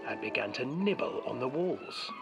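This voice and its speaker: A man reading a dark fairy tale as scripted narration in a game, in a hushed, ominous storytelling manner. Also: medium pitch, sing-song, normal speed, creaky, low-quality recording. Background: game music.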